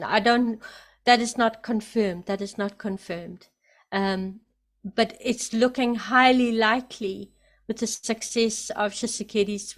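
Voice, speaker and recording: A woman giving emphatic, excited spoken commentary, often repeating herself for emphasis. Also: medium pitch. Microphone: computer mic, camera off.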